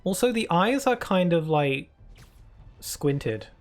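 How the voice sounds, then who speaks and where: Over game music, a man with a high-pitched, very animated voice talks slowly to his viewers as he plays a video game. His live-stream chat is casual and playful, packed with filler words and restarts as he responds to chat.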